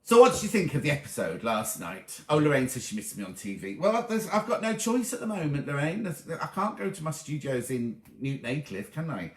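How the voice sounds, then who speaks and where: A man's voice: fairly high pitch, sing-song, fairly quick, few pauses. Chatty rambling man in an echoey room. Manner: chatty, scatterbrained, cheery, easily sidetracked. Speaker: host of a live sewing chat stream. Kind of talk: rambling live-stream chat reading viewer comments. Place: small room at home.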